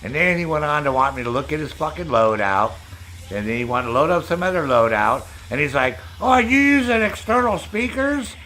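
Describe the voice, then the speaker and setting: A man's voice: mid-range voice, animated, fairly quick, sharp tone. An older man hosting a live stream, telling rambling stories in a casual, heavily profane way. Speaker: streamer host.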